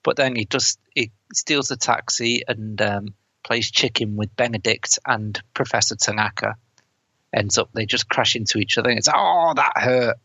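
A man's voice: fairly low pitch, fairly even intonation, moderate pace, pushed and bright, husky, no room sound. A man co-hosting a film review podcast, casually retelling scenes with frequent laughs and quoted lines. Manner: laughs often while recounting scenes, quotes lines in put-on voices. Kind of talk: casual chat, retelling a plot. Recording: dull, dry close mic.

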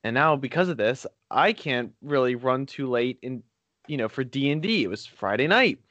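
A man's voice: medium pitch, animated, normal speed, fairly bright tone, no echo, lo-fi sound. A man telling a story in casual chat, sarcastic and exasperated, acting out what people said.

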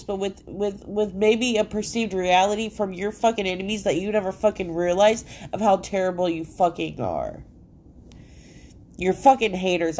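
A woman's voice: medium pitch, darkish tone. A woman hosting her own podcast from home, rambling in a casual, profanity-laced monologue full of "like," her nose congested. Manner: profane, rambling, heavy filler "like". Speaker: solo podcast host.

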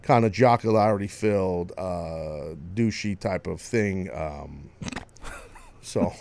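A man hosting a talk show, teasing callers with loose joking banter and sudden loud yelps. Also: low voice, takes it slowly, creaky, slight background noise. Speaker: host.

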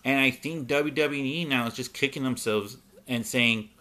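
A man hosting a casual chat about wrestling, talking in halting bursts with many pauses and restarts. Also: medium pitch, pushed and bright. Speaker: podcast host.

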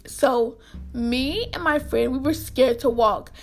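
High-voiced young woman telling a story. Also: slow. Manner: animated, repeats herself, acts out quotes in squeaky voice. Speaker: storyteller vlogger. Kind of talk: casual storytime to viewers.

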